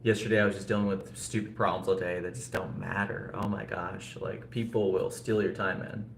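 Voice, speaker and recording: A man's voice: sits low, level tone, fairly quick, gravelly, roomy sound, a little hiss or hum. A man casually chatting with viewers on a live stream, rambling with lots of fillers and no regional accent. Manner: rambling, talks to chat viewers, frequent fillers. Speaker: vlogger.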